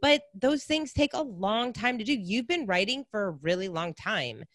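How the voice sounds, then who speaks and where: A woman talking casually as a podcast guest, lively and given to acting out her own thoughts. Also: medium pitch, moderate pace, no echo, studio quality. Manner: animated, acts out her own thoughts in quoted voices. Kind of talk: casual conversation.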